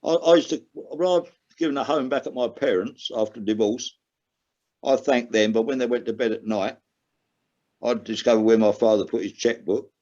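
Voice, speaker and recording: An older man who is a recovering gambler appears as a podcast guest, telling his own story candidly in an earnest, emotional way, his voice rising sharply when he stresses a point. It is mid-range and dark at a normal speed, and the recording has a dull lo-fi sound.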